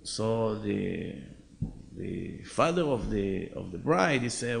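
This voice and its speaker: A man, a rabbi, telling a story as an animated storyteller in a sermon. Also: on the low side, slow, gravelly, a little hiss or hum.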